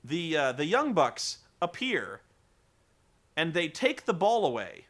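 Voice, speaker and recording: A man recapping a wrestling show for comedy, rambling and incredulous, swearing and acting out the quotes loudly. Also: a little high, sing-song, takes it slowly.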